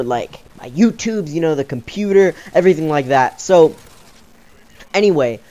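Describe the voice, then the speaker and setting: A man's voice: a little high, darkish tone, highs cut off. A young man telling a story in a casual vlog, rambling with many fillers and sounding exasperated. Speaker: YouTuber.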